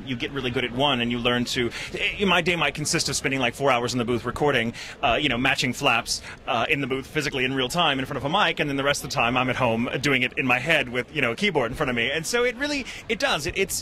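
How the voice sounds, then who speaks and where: A man who voices anime characters, chatting about his work at a convention interview, animated and quick to laugh at himself. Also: mid-range voice. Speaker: voice actor and writer. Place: convention venue.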